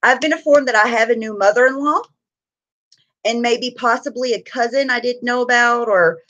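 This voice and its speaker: A woman's voice: on the high side, normal speed, fairly bright tone. Woman live-streamer, worn out, loose and chatty; greets the chat by name, laughs often. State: tired.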